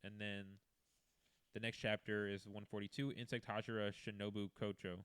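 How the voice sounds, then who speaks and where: A man's voice: lowish voice, level tone, normal speed, a bit bright, clean tone. A man giving a loose, rambling recap of manga chapters as a casual reviewer, full of fillers and trailing asides.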